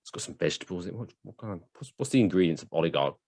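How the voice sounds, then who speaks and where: A man's voice: sits low, expressive, very fast, a little mellow, no room sound. A man co-hosting a podcast, chatting in jokey, rambling banter and reading out news bits. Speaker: podcast co-host. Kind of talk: casual comedic banter.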